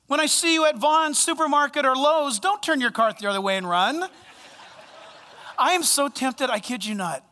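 A male pastor preaching a sermon, animated and playful, swinging between loud bursts and hushed asides. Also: very high voice, normal speed, long reverb tail. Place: church sanctuary.

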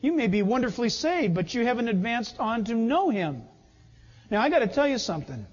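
A man preaching a sermon as a pastor, telling personal stories in an animated way and often laughing. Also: extremely high pitch, fairly quick, long reverb tail, lo-fi sound.

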